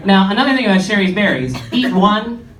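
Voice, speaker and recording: Young male stand-up, mid-pitch, very animated; echoey club with a crowd. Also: fairly quick, a little hiss or hum. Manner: animated, swinging between big highs and low asides. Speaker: stand-up comedian. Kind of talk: stand-up comedy set. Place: comedy club stage. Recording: roomy club, distant mic, audience. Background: audience laughter.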